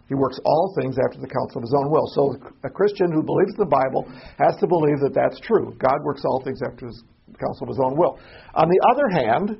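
Gravelly, husky man teaching a Bible class. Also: fairly high pitch, highs cut off. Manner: halting, repeats words, asks the class questions. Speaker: Sunday school teacher. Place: church classroom.

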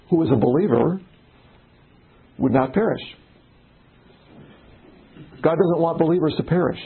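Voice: medium pitch, measured pace, long pauses, breathy edge, phone-quality sound. A Bible study leader explaining word meanings and putting questions to the group in a casual discussion.

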